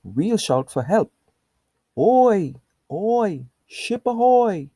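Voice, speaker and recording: A woman voicing a father on a small boat who shouts urgently for help in a children's story. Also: extremely low pitch, very animated, unhurried, slightly rough, no room sound, studio quality, voice pushed down, heavily acted. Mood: urgent shouting. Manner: urgent, calling out loudly.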